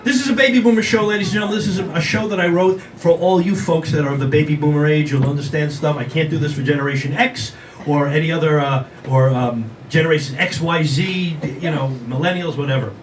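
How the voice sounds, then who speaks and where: An older man performing a stand-up comedy set for a live audience, wisecracking and self-deprecating with quick asides to the crowd. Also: on the high side. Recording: distant room sound with noticeable background noise.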